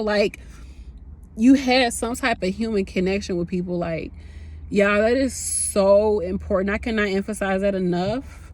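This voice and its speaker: A woman's voice: medium pitch, steady tone, moderate pace, a little mellow. A woman in her thirties, a nurse, talking candidly and emotionally to her phone camera in a rambling, casual way. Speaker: nurse vlogger.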